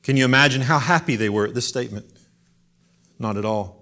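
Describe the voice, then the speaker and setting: A man's voice: medium pitch, fairly quick. Emphatic, conversational male preacher. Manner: swings between soft intimate asides and loud emphatic scripture reading. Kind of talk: sermon.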